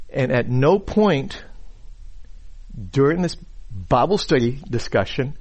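Unhurried man preaching a sermon. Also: mid-range voice, lively intonation, a little mellow, husky. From Chinese background. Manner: unhurried, repeats words while thinking, reads scripture aloud. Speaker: pastor.

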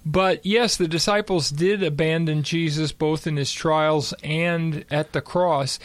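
A man discussing a Bible passage in a measured, explanatory way. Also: a little high, steady tone, dry recording. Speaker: Bible teacher.

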